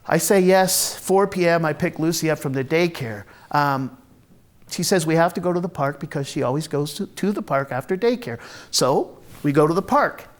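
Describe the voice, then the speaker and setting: A man's voice: on the high side, lively intonation, normal speed. A man performing an autobiographical one-man stage monologue, wry, confessional and blunt, with frequent profanity. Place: theatre stage.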